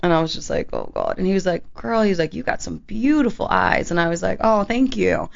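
A woman's voice: lowish voice, fast talker, creaky. Chatty storytelling woman on muffled radio. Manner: animated storyteller acting out quotes, laughing often. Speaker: radio co-host. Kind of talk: casual on-air chat, storytelling. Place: radio studio.

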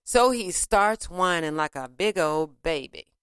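Woman, unhurried, animated casual storyteller, clean smooth voice, dry close sound. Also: on the low side, dry recording. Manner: animated retelling, breaking into sung snippets.

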